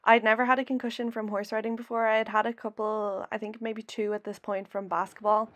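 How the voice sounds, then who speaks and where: A woman's voice: fairly high pitch, little pitch movement, brisk, fairly bright tone. A young Irish woman in a chatty, heartfelt vlog voice-over, with lots of "like" fillers. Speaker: channel host. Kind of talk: casual vlog voice-over narration. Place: voice-over over riding footage. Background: background music.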